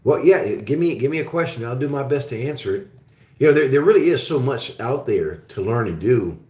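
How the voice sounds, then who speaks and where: A man's voice: mid-range voice, lively intonation, brisk, a little mellow, echoey room. A man from Germany hosting a casual live-stream chat with viewers, friendly and rambling, with many fillers and restarts. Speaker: show host.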